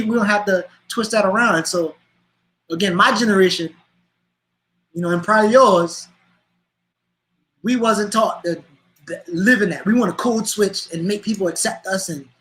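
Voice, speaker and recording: A man from Charleston with a Charleston Lowcountry accent, speaking as an interview guest in a passionate, emphatic way with rhetorical questions. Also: fairly bright tone, rough recording. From Charleston, South Carolina. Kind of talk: interview conversation.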